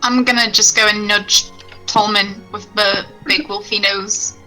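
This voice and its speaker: Bright, playful woman player. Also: mid-range voice, steady tone, unhurried, faint music behind, low-quality recording. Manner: playful, giggly. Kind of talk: casual game chat.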